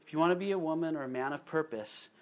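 A middle-aged man preaches from the pulpit in a lively, animated way. He slips into little voices for the quotes he acts out, and his voice sits a little higher than most men's. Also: quick pace. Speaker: pastor. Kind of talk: sermon.

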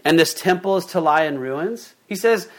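A male pastor with a high-pitched, somewhat bright voice and lively intonation preaches conversationally at a moderate pace. He reads scripture aloud, then retells it informally in plain, casual words, with fillers and restarts.

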